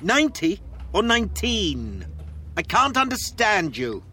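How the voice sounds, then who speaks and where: An actor playing a rude, impatient customer who is curt and scornful, in a scripted learner drama. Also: male voice, high-pitched, wildly swooping pitch, unhurried, sharp tone, exaggerated voice.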